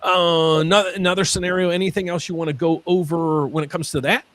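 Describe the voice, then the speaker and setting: A man hosting a mortgage Q&A stream, talking in an excitable way and often repeating his words. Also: a little high, quick pace. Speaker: mortgage lender host.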